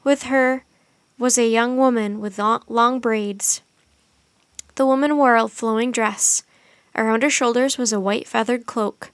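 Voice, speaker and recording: A woman's voice: on the high side, steady tone, a little slow, smooth, dry recording. Woman reading a storybook aloud.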